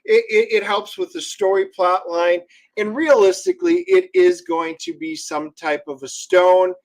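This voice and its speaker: A man's voice: high voice, animated, moderate pace. Rambling man explaining his comic's lore. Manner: explains with restarts and fillers, dry one-liners. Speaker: comic co-creator and co-host. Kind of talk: casual livestream chat.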